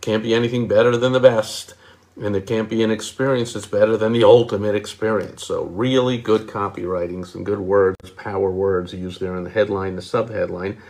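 Man, marketing consultant, emphatic, mocking asides, gravelly, lowish voice. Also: fairly even intonation, normal speed, a little mellow. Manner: emphatic, punches key words, mocking asides. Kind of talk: critiquing ad copy, casual explainer.

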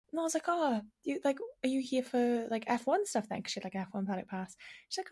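Animated young woman telling a story. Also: a little high, fast. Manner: animated storytelling, acting out quotes, many fillers. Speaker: podcast co-host. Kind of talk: casual chat.

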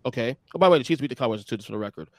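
A man co-hosting a heated sports debate, excitable and repeating words as he talks over the others. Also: medium pitch, very fast, no echo. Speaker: sports talk co-host.

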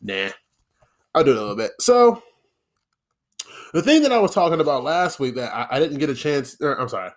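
Brief: male solo podcaster, sarcastic running monologue, somewhat high voice, lots of fillers. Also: big pitch swings, brisk, long pauses. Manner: sarcastic, rambling, many fillers and repeated words. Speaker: podcast host. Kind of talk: casual solo podcast rambling.

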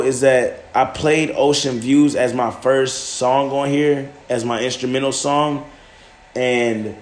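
A man hosting a solo podcast, talking loosely with lots of restarts and fillers. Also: mid-range voice. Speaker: podcast host. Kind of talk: casual solo podcast monologue. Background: faint music.

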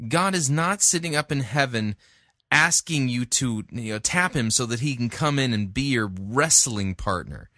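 A man's voice: medium pitch, lively intonation, moderate pace, sharp tone, dry recording, studio quality. A man hosting a sermon review, talking casually and bluntly with frequent fillers. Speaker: host. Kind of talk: commentary.

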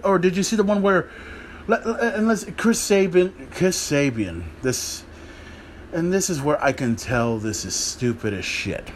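On his podcast, a man vents about wrestling in a loose, cursing, fed-up ramble. His voice sits high with a fairly bright tone, and there's a slight hiss or hum.

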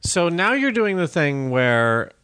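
A man who is a guest on a comedy podcast, bantering in a deadpan, mock-offended way. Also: a little high, takes it slowly, clear, resonant tone.

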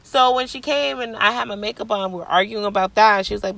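A young woman hosting her own show, telling a casual story in a blunt, profane, animated way. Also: medium pitch, quick pace, vocal fry, few pauses. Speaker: podcast host.

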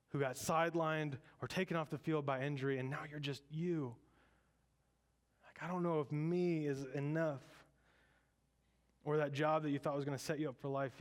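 A man preaching a sermon in a lively, conversational way, with joking asides. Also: medium pitch. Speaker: pastor.

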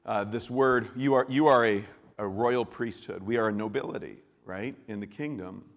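Pastor preaching in a reverberant hall. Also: male voice, lowish voice, moderate pace, creaky, lo-fi sound. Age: adult. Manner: conversational, repeats words and restarts, breaks into acted quotes. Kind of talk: sermon. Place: church.

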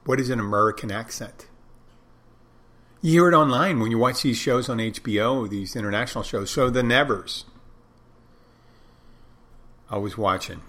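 A man's voice: medium pitch, moderate pace, long pauses, fairly bright tone. Man rambling through a casual monologue. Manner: rambling, self-interrupting, conversational.

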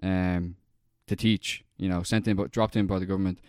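A young man with a low, slightly mellow, smooth voice chats casually about a film, rambling, swearing, and using lots of fillers. His intonation stays fairly even at a moderate pace. The recording is dry and clean, with studio sound.

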